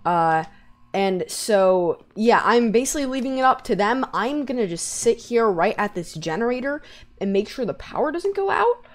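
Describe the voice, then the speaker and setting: A woman hosting a let's-play video, talking excitedly and yelping when scared, into a close gaming mic. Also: on the high side. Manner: excitable, jumps from scared yelps to quick chatter.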